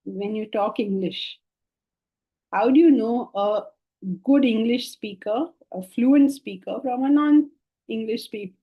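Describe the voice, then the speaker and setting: A middle-aged woman teaching a scripture class to listeners, questioning and emphatic, shifting between soft asides and lively stresses. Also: a little high, phone-quality sound. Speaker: Vedanta teacher.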